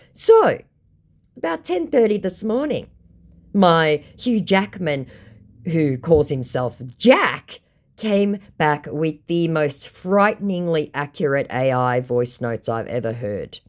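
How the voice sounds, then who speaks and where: Sarcastic woman telling a scam story. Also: extremely low pitch. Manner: sarcastic, animated, reads out message exchanges. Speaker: scam-baiting content creator. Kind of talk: casual storytelling to viewers.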